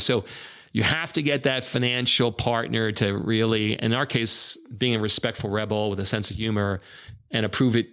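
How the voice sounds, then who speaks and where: Brief: low, gravelly man, an animated interview storyteller. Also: moderate pace. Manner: animated anecdotes with quoted dialogue. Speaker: guest, publishing executive.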